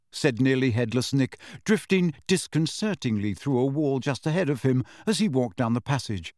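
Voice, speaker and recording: A man narrating an audiobook in a steady, measured storytelling voice. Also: medium pitch, no echo, clean studio sound.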